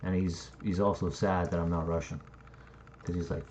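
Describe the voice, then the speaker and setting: A man with a deep, level voice builds a game map while thinking aloud at a normal speed, his casual screen-recording commentary rambling along with occasional swearing. The dull lo-fi mic picks up faint noise and typing.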